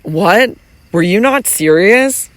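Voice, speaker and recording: A man's voice: high-pitched, animated, slow, fairly bright tone, dry recording, heavily acted. A reader voicing a desperate lovesick young man. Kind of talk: audiobook reading.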